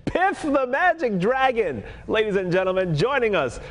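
A man's voice: sits high, sing-song, normal speed, a little hiss or hum. A man hosting a morning TV show, chatting playfully with a guest and laughing often. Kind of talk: casual live TV interview.

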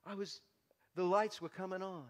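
A male pastor giving his testimony as a sermon, passionate, moving from hushed to loud preaching. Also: high-pitched, fairly even intonation, moderate pace, big-room sound.

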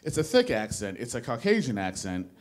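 Lively stand-up comic rambling on stage. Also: male voice, mid-range voice. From New Jersey. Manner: rambling, self-deprecating, halting with restarts. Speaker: stand-up comedian. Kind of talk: stand-up comedy set. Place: small studio with a live audience.

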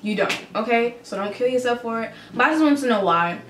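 A young adult woman vlogger recounting a story in a casual, animated, swearing, incredulous way. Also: on the high side, a little fast, a little hiss or hum. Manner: animated, profane, incredulous retelling. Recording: roomy echo with faint ambience.

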